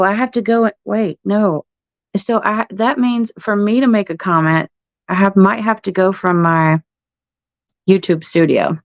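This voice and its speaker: Chatty woman with a gravelly voice. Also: medium pitch, no room sound. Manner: chatty, laughs often, swears casually. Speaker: livestream host. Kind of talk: casual livestream chat. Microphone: phone. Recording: muffled phone stream audio.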